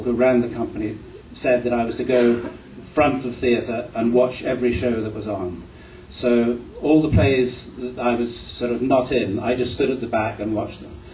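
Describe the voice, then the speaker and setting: A man's voice: medium pitch, mellow. An older man from Glasgow, a guest actor on a convention panel, answering a question with self-deprecating humour and a few stammered restarts. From Glasgow, Scotland. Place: convention hall. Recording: echoey hall, distant mic, faint noise.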